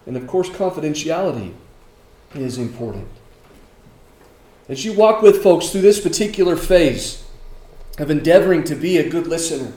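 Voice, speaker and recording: A man preaching a sermon, moving between emphatic lines and quiet ones and asking rhetorical questions. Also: a little high, animated, normal speed, long pauses. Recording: echoey room with faint ambience.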